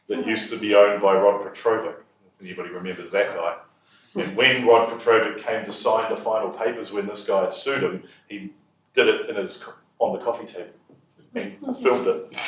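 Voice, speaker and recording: Wry New man in an echoey hall. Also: lowish voice. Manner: wry, chuckles at his own punchlines. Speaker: speaker at a property investors' event. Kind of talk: humorous storytelling talk to an audience. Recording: echoey hall, distant mic, dull sound.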